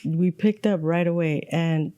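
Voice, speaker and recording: Woman, 40s, podcast guest; frank, wry storyteller with a warm, mellow tone, dry close sound. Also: lowish voice, fairly even intonation, moderate pace, clean tone, no room sound, lo-fi sound. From El Monte, California. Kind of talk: candid personal story.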